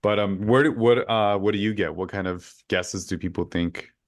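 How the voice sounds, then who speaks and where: A man's voice: on the low side, moderate pace. A male podcast host talking in a casual, effusive interview chat, full of fillers. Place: current home in Orlando.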